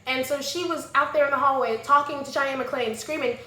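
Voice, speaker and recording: Sassy, bright-voiced woman vlogger. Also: high voice, moderate pace. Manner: animated, sassy, exclamatory asides. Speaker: vlogger reviewing a movie. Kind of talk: casual sassy commentary. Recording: echoey room.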